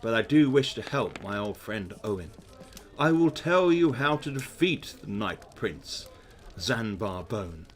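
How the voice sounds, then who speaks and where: A man voicing a stern, tired old male wizard in a calm, measured way. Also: lowish voice. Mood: weary, calm. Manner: calm, slow, measured reading.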